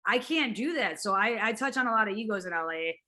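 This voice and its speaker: A woman, a physical therapist, chatting as an interview guest, animated and quick to act out quotes and laugh. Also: mid-range voice. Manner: animated storyteller, acts out quotes, laughs often, swears casually. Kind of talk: casual interview chat.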